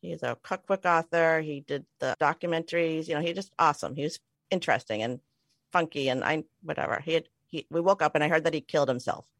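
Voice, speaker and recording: A woman in her forties co-hosting a podcast, with a fairly low voice. She tells her story in a chatty, self-deprecating way and laughs easily. The sound is dry and close, with no room around it. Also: fast, no echo. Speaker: podcast co-host. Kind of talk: casual storytelling chat. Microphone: remote call mic.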